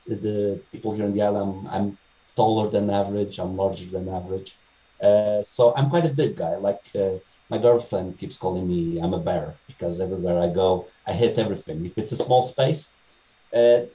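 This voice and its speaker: Deep-voiced Portuguese man, chatty. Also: mellow, recorded from a distance, low-quality recording. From Madeira, Portugal. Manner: enthusiastic, rambling with many restarts and fillers. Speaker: podcast guest, game streamer. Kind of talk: casual interview chat.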